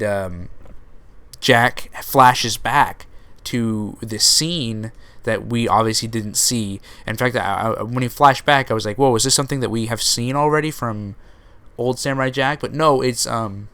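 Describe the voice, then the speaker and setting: A man's voice: mid-range voice, fairly bright tone, clear, resonant tone. A young man reviewing a cartoon episode in a casual, rambling recap full of ums and restarts. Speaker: video reviewer.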